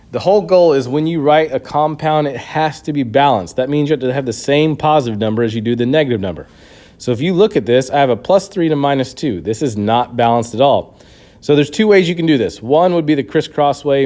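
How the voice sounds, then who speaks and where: Male chem teacher walking through a review, patient, keeps saying okay, mid-pitched voice. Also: darkish tone. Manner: patient step-by-step explaining, frequent "okay". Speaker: chemistry teacher. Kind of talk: recorded classroom review lesson.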